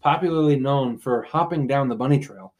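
A man's voice: medium pitch, fairly quick, noisy background. A man hosting a casual quiz game on a podcast, reading out questions and teasing the players with frequent laughter. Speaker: quiz host.

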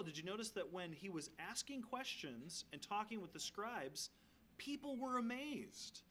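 A man's voice: high voice, fairly bright tone, a little hiss or hum. A man giving a guest sermon, reading scripture aloud and adding casual, humorous asides. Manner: conversational, asides and light humor between readings. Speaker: guest preacher.

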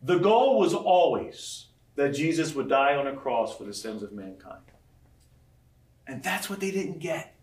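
A man preaching a sermon as pastor, animated, acting out scripture quotes and asking the room questions. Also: a little high, measured pace. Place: large room with audience. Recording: echoey room from far off.

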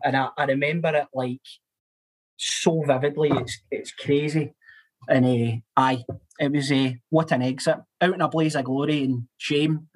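A young Scottish man, a guest on a casual podcast, telling animated stories with swearing and laughter. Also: fairly high pitch, normal speed. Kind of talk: casual storytelling chat.

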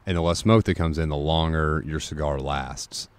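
A man with a very deep voice hosts a casual podcast, talking his guest through each step in a relaxed, explanatory way. He comes from Kansas. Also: moderate pace, no echo. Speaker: podcast host. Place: outdoors.

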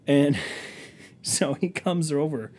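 Husky, profane man. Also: a little high, slow pace, warm tone. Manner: profane, rambling, self-mocking. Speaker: podcast host. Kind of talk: casual comedic storytelling.

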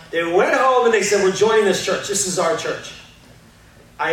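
A man's voice: high voice, very animated, moderate pace. A man preaching a casual, conversational sermon as a pastor in a church auditorium, candid and self-deprecating with lots of fillers. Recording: very echoey hall, voice from far off, faint noise.

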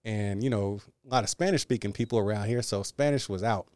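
A man's voice: fairly low pitch, fairly quick, a little mellow, clear, resonant tone, dry recording, clean studio sound. A man hosting a podcast in casual chat, laid-back and slangy, laughing often, talking from home. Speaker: podcast host. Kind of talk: casual chat over video call. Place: home with his dog nearby. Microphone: camera and mic at desk.

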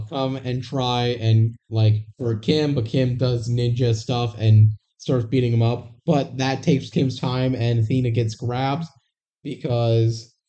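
A man's voice: medium pitch, mellow, dull audio. A man co-hosting a podcast, casually retelling a movie's plot with lots of fillers and restarts. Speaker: podcast co-host. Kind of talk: casual movie recap chat.

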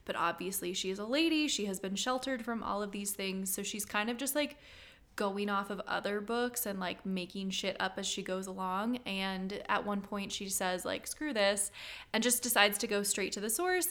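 A woman recounts a book plot in a relaxed, meandering way, with plenty of ums and likes. Her pitch sits in the middle range, neither high nor low. It sounds like casual podcast conversation. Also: moderate pace. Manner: easygoing, laughs along, filler-heavy. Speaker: podcast co-host.

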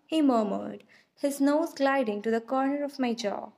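A woman narrating an audiobook in the first person, reading in a slow, hushed, intimate way. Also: high voice, creaky.

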